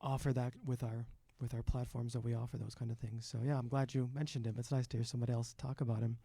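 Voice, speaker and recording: Gravelly-voiced man hosting an open mic. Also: mid-range voice, fast talker, dry recording, studio quality. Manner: relaxed, rambling, many fillers. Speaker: open mic host and educator. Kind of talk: casual stage hosting. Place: live open mic event. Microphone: stage mic.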